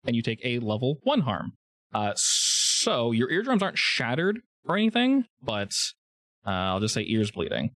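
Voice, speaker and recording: A man's voice: mid-range voice, huge pitch swings, moderate pace, fairly bright tone, no echo. A man running a tabletop role-playing game as game master, explaining rules casually with fillers.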